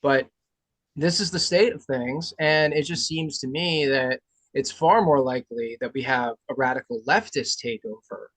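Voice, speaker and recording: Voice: medium pitch, normal speed, a bit bright, dry recording, low-quality recording. Rambling podcast host, very dry sound. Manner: rambling, heavy on fillers. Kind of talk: casual political chat.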